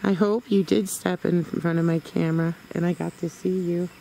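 A woman's voice: lowish voice, fairly even intonation, normal speed, gravelly, mellow. A woman ghost-hunting in a wooded cemetery, coaxing spirits with short questions on her camera. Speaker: paranormal investigator. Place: cemetery in the woods, outdoors. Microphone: handheld camera mic. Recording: noisy outdoor camera recording. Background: crickets and insects.

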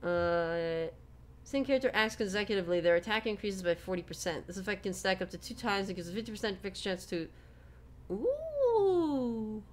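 A woman's voice: mid-range voice, animated, normal speed. A young woman streaming a video game, chatting candidly and rambling as she answers her chat, swearing freely. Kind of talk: casual gameplay stream chat.

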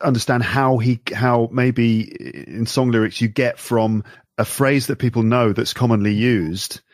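A man's voice: mid-range voice, fairly even intonation, a little slow, no echo, clean studio sound. A man co-hosting a podcast in casual discussion, curious, asking questions and summing up points. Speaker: podcast co-host.

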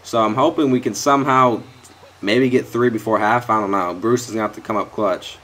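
A man's voice: lowish voice, steady tone, a little fast, a bit bright. A young man commentating his own football video game, frustrated and swearing at his players, close to his mic. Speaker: gaming YouTuber. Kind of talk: live gameplay commentary. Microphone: headset or desk mic close to mouth.

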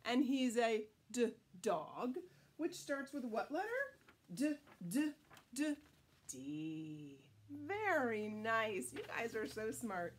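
Storytime lady reading to little kids, high lively voice going all over the place, slow and teacherly. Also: slightly rough. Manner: playful, teacherly, sounds out letters slowly for kids. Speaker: children's storytime reader. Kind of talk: reading a picture book aloud to young children.

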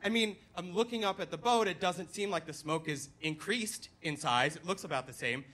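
Young man, live storyteller, bright tone, animated comic delivery. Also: sits high, moderate pace. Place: stage at a dance venue.

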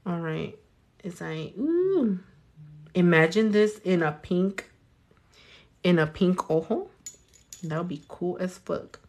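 A woman's voice: lowish voice, lively intonation, takes it slowly, pauses often, darkish tone, slight background noise. A young woman doing her nails on camera, chatting casually, swearing, talking to herself, and dropping in Spanish phrases. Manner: chatty, profane, talks to herself and her hands. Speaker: nail artist. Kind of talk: casual vlog chat while doing nails.

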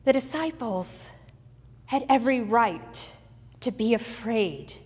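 Woman, pastor, sermon, high voice, dramatic storytelling, long church reverb. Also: lively intonation, takes it slowly, a little mellow, husky. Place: church sanctuary.

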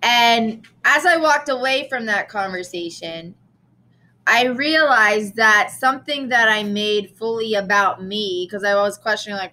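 A woman's voice: mid-range voice, a little slow, bright, forceful tone, low-quality recording. A woman teacher giving a recorded lesson in a casual way, with frequent ums and restarts and an occasional cough. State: coughing now and then.

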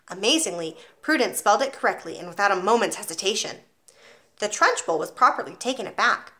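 A woman reading a children's novel aloud with expressive storytelling. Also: medium pitch, brisk. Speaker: audiobook reader.

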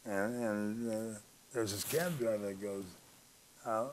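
A man's voice: fairly low pitch, fairly even intonation, slow pace, a little hiss or hum, rough recording. A former ballplayer telling a rambling anecdote in an interview, acting out the dialogue as he goes. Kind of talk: storytelling interview.

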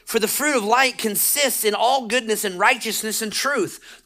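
A man's voice: high voice, normal speed, hardly any pauses, pushed and bright. A middle-aged man preaching a sermon as pastor, talking emphatically and exhorting his listeners.

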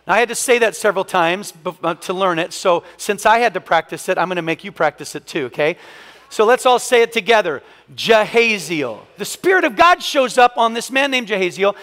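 A man pastor preaching a sermon in a church, telling a story with animated voices and leading the congregation in call-and-response. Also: sits high, in a large hall. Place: church sanctuary.

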